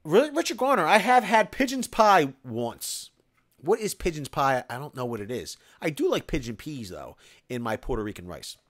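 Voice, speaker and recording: A man's voice: medium pitch, huge pitch swings, fairly quick. A man hosting a casual live stream, reading viewer comments aloud and rambling about food and tools. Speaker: live stream host answering viewer chat.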